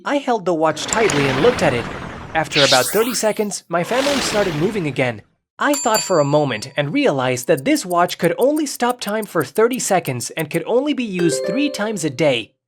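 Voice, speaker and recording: A narrator telling a first-person story in an even, clearly paced storytime narration. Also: mid-range voice, normal speed, noisy background.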